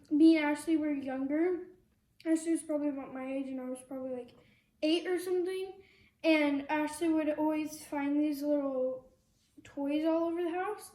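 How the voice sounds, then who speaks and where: High-voiced gushing female unboxing vlogger. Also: reverberant. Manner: gushing, gasping, excitable. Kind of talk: casual unboxing chat.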